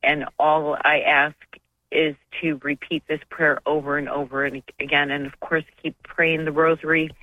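A woman's voice: deep voice, little pitch movement, normal speed, dry recording. A woman calling into a radio show, sharing a heartfelt, emotional testimony in a rambling way. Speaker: radio caller. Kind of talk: call-in testimony. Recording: tinny phone line.

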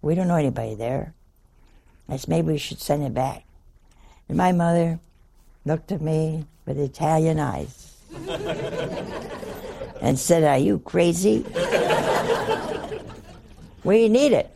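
Slow, gravelly older nun telling a story. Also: female voice, low voice, background noise. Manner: wry, chuckling, folksy. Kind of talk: humorous anecdotal storytelling talk.

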